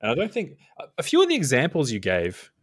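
A man's voice: medium pitch, huge pitch swings, quick pace, slightly rough, dry recording, clean studio sound. A man co-hosting a podcast who rambles in a chatty way and says "like" all the time. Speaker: podcast co-host. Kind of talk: casual podcast chat.

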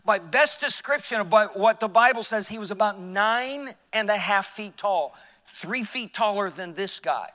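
High bright-voiced preacher in a reverberant church. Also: male voice, animated, moderate pace. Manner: storytelling, acts out quoted voices, drops quiet for emphasis. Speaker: pastor. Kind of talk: sermon. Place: church sanctuary.

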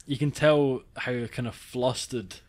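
A man's voice: mid-range voice, fairly even intonation, measured pace. A man co-hosting a podcast, giving an earnest, casual film review with restarts. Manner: earnest, repeats himself. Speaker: podcast co-host.

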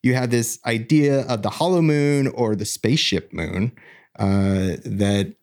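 A man's voice: medium pitch, a little slow, darkish tone. A man co-hosting a casual podcast, explaining science at length with many fillers and restarts.

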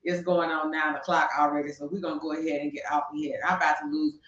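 A low, level female voice, fast and a bit bright, carries a podcast co-host's passionate rant. She fires rhetorical questions in heated opinion talk on a talk show. The recording is distant, echoey, and dull, with lo-fi quality.

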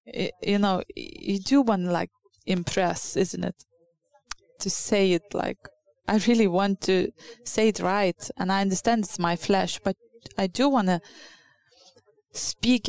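Female preacher, English. Unhurried delivery, some fry, earnest and halting sermon. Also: medium pitch, steady tone, darkish tone. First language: Lithuanian.

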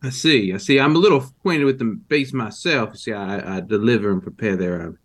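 A man voicing a gruff, hot-tempered small-town male rancher during a tabletop game, talking in a folksy, halting way full of fillers and cursing. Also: lowish voice, close to an everyday voice. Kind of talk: in-character role-play.

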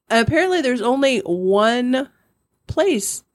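A woman's voice: a little high, sing-song, very slow, no room sound, studio quality. A middle-aged woman co-hosting a podcast in casual chat, rambling and laughing often. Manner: chatty, giggly, rambling. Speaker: podcast co-host.

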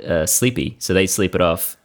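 A man's voice: low voice, normal speed. A man co-hosting a casual podcast, enthusiastically trading animal facts. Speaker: podcast co-host. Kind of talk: casual chat.

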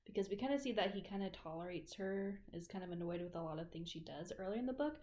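A woman's voice: on the low side, fast talker, a little mellow. A woman co-hosting a casual book chat, adding short agreements and her own take on the characters. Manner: chimes in with short agreements and comments. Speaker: book podcast co-host.

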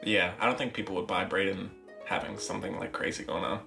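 A young man hosting a casual film podcast, talking with a relaxed, dry understatement. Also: low voice, fast talker, vocal fry, recorded from a distance, music in the background. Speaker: podcast host. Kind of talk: casual chat. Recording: roomy echo, voice set back from the mic.

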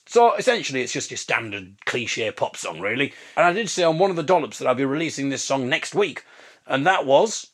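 A man's voice: mid-range voice, very animated, brisk, fairly bright tone. A man hosting his own podcast, telling comic stories in a wry, self-mocking way and slipping in puns. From Britain. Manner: fond of puns. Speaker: podcast host. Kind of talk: comic monologue.

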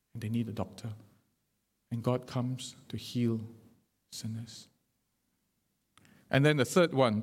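A man preaching a sermon, swinging between loud emphatic stretches and quiet, low drops.

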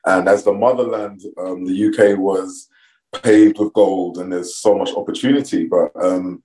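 A middle-aged man, a guest on a podcast, telling his story in a measured, reflective way with frequent pauses. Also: deep voice, fairly even intonation, dark tone, poor audio. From London, England. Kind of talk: casual interview conversation.

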